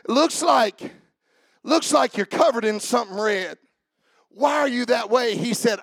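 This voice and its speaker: A pastor preaching with a high, gravelly voice. He swings from loose asides to loud, shouted refrains. The sound is close and dry. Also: expressive, measured pace, no echo. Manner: builds to shouted, preaching climaxes. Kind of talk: sermon.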